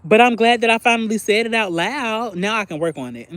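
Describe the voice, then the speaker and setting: Young man, high voice, dry close sound, candid livestream chat, expressive, clears throat often. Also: a little fast, dry recording. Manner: expressive, confiding, acts out little phone conversations. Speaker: livestream host.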